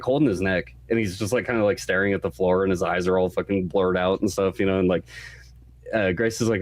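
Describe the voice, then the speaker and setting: A man's voice: low voice, darkish tone. A male podcast co-host in a casual game discussion, rambling and profane, packed with fillers.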